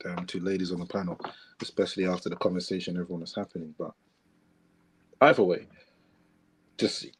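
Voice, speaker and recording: A man's voice: deep voice, a little mellow, a little hiss or hum. A man co-hosting a podcast, commenting in a casual, reflective way with emphatic repeated phrases. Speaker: podcast co-host.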